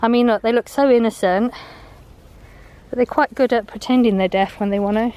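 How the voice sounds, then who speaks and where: A woman's voice: on the high side, fairly even intonation, fairly quick, mellow, clean tone, muffled recording. Chatty woman walking her dogs outdoors. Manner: chatty, rambling, laughs often. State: slightly out of breath from walking. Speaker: vlogger. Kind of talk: rambling chatty vlog on a dog walk. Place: outdoors on a walk.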